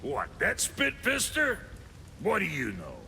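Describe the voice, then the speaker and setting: An actor playing a crude, foul-mouthed male dwarf blacksmith in a video game, with a gruff, gravelly voice and a brash, insulting manner. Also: fairly high pitch, wildly swooping pitch, takes it slowly, bright, forceful tone, long reverb tail, a little hiss or hum, heavily acted.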